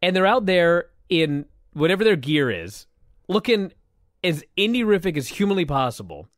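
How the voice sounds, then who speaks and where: A man co-hosting a podcast, talking in an animated, exasperated way and laughing as he swears. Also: sits high, normal speed, no echo, studio quality. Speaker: podcast co-host. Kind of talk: casual chat reviewing old wrestling.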